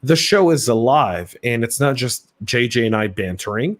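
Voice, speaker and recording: A man's voice: mid-range voice, expressive, normal speed. A man with a Southern US accent co-hosting a live podcast, chatty and casual, often stammering on restarts. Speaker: podcast co-host.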